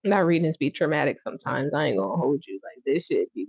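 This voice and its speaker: A woman with a lowish voice runs a casual livestream tarot reading. She talks bluntly and swears freely, often breaking into loud laughter and acting out little scenes. The sound is dull and dry, with a lo-fi edge. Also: lively intonation, a little slow, dry recording. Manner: blunt, profane, laughs loudly and acts out scenes. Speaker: tarot reader.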